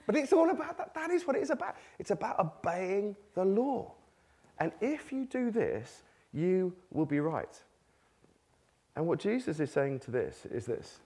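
At a church meeting, a preacher gives a conversational sermon to a live congregation, his slightly rough voice rising and falling with great animation. He stays informal, mocking himself and slipping quick laughs between points.

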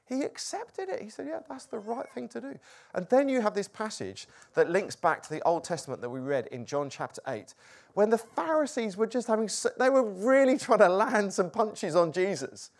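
Man, preacher, sermon, lively pitch, loud then hushed. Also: normal speed. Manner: animated, swings from loud exclaims to hushed lines.

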